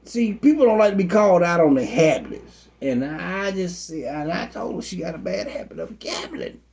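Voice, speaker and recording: A man telling a comic story as a frustrated pastor, exasperated and animated. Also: sits high, moderate pace, gravelly. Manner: exasperated, animated, Southern Black church vernacular.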